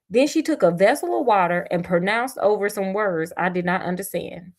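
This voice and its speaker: A woman's voice: fairly low pitch, animated, normal speed, vocal fry, a little mellow. A woman storyteller reading a fairy tale aloud and breaking off for sassy, slangy, playful asides. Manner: sassy, slangy, playful commentary between passages.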